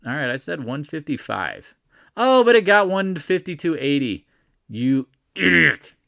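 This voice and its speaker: A man's voice: fairly high pitch, sing-song, moderate pace, gravelly, a bit bright, clear, resonant tone, no room sound, clean studio sound. A man hosting a casual daily stock market recap, joking and sarcastically mocking imagined viewers. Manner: sarcastic, mocks imagined viewers in put-on voices. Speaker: stock market video host.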